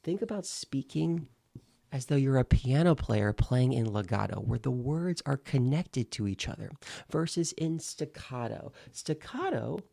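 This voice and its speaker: Man, speaking coach, instructional delivery, deliberate, repeats key phrases, dry close sound. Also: medium pitch, lively intonation, gravelly, dark tone, no echo. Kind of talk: instructional video.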